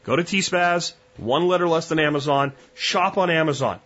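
A man's voice: a little high, moderate pace, a bit bright, muffled recording. A man hosting a podcast, talking bluntly and conversationally with frequent restarts. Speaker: podcast host. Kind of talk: casual monologue.

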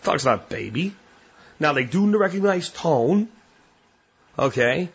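Blunt husky-voiced man. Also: a little high, lively intonation, unhurried, highs cut off. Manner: blunt, plain-spoken. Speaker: podcast host. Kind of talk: casual monologue.

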